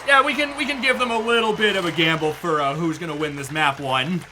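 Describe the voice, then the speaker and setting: A man's voice: a little high, fairly quick, background noise. A man casting an esports match and hosting the stream, talking casually and bluntly and swearing freely. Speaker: esports caster and stream host. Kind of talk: live esports casting banter.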